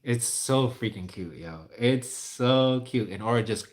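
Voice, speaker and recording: A man's voice: medium pitch, lively intonation, measured pace. Casting: man streamer, casual and candid, rambling answers to viewers. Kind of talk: casual livestream chat.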